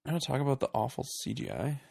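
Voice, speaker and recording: A man chats casually on a movie podcast, sarcastic and quick to laugh. His voice has a gravelly edge at a middling pitch. The recording is dry and close, with no room sound. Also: huge pitch swings, darkish tone, dry recording. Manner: sarcastic, laughs often, breaks into mocking impressions. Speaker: podcast co-host. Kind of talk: casual movie review chat.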